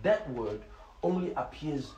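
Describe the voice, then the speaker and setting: A man preaching with an animated, swooping high voice. He repeats words and chuckles mid-sentence as he tells the story. The room around him rings with echo. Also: measured pace. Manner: excitable, repeats words, laughs while talking.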